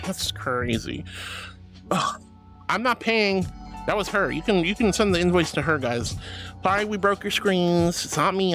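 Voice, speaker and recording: A woman streamer chatting casually and reading out chat messages, bubbly and quick to laugh. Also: fairly low pitch, fairly bright tone.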